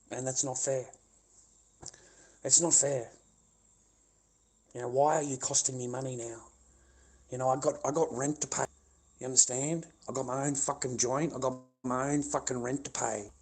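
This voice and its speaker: A man's voice: medium pitch, a little mellow, husky. An Australian man livestreaming a confrontational rant, swearing often and repeating himself as he talks to the camera. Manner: confrontational, profane, repetitive.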